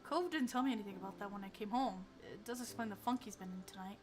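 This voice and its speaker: A woman voicing a cheery, warm middle-aged father in a story game, dropping her voice a little. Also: mid-range voice, quick pace, soft background music, voice pushed down, close to an everyday voice.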